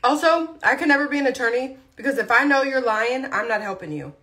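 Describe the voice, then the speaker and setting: A woman's voice: high voice, expressive, fast, sharp tone. A woman talking casually on a livestream, blunt and chatty, chewing food as she speaks. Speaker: vlogger.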